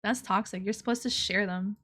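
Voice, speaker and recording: A young woman streamer in casual live chat, excitable and loud, laughing often. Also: mid-range voice, fairly quick.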